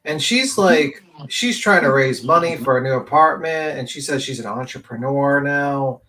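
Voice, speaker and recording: A man's voice: medium pitch, animated, normal speed, sharp tone. A man on a casual true-crime panel, thinking aloud and hedging.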